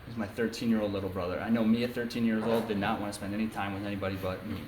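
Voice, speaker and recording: A young man from upstate New York gives a candid personal testimony at a recovery meeting, speaking at a racing pace in a fairly low, flat, darkish voice. He tells his story with lots of ums and likes. The meeting room sounds echoey, with faint hiss.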